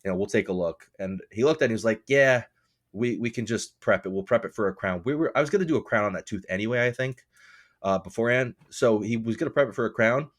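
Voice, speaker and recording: A man co-hosting a casual podcast, telling a rambling story with lots of swearing and laughter. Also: fast talker. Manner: acts out other people's lines in a lower voice. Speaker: podcast co-host. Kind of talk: casual chat.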